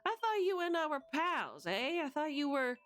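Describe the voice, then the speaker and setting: A woman's voice: high-pitched, big pitch swings, moderate pace, fairly bright tone, voice pushed up. Woman playing a pushy cigar-smoking transatlantic man. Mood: wheedling. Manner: brash, overfamiliar, wheedling.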